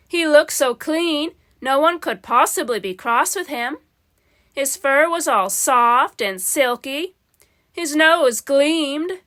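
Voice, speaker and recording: A woman reading a children's storybook aloud in a gentle, unhurried way. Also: sits high.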